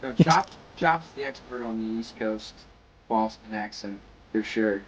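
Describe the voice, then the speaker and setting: A man's voice: lowish voice, muffled recording. A man chatting casually during a game stream, joking and bantering with friends. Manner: joking, bantering, quick to laugh. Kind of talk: casual chat while gaming.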